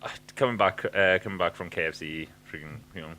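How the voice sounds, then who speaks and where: Male co-host, bright and lowish voice, loose, sweary, filler-heavy chatter. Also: fast, a little hiss or hum. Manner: rambling, sweary, full of fillers. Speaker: podcast co-host. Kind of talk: casual chat.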